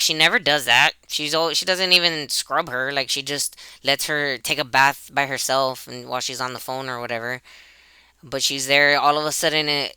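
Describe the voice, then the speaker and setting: A woman's voice: extremely low pitch, pushed and bright, clean tone, dry recording. A woman in a personal vlog, speaking emotionally into a computer webcam, rambling and often restarting or repeating herself. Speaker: YouTuber.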